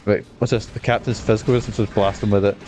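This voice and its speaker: A man's voice: lowish voice, fairly even intonation, rapid-fire, darkish tone, faint music behind. A man with a Scottish accent chatting through a video game, rambling, swearing and mocking himself. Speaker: streamer. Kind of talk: casual gameplay commentary.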